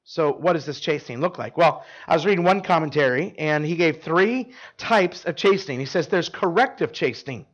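In a muffled recording, a male pastor talks casually to a live church congregation, quizzing them often and saying "like" a lot. His voice is on the high side with lively intonation, fairly quick and with hardly any pauses.

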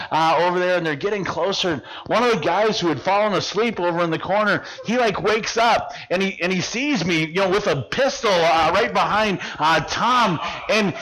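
Middle-aged male preacher, high voice, vivid storyteller who acts out the scene. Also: rough recording. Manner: animated storyteller, acting out dialogue, drops to hushed tones. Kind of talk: sermon with personal story.

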